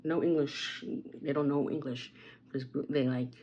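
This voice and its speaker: A woman's voice: low voice, steady tone, a little slow, darkish tone, lo-fi sound, a little hiss or hum. A woman vlogging at home, chatting through a rambling story with asides about her makeup. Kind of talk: casual get-ready-with-me storytime.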